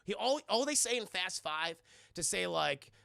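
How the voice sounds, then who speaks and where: A man streaming a casual scene-by-scene film recap to his chat, animated and profane, and often acting out lines in comic voices. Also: high-pitched, moderate pace, creaky, no room sound, clean studio sound.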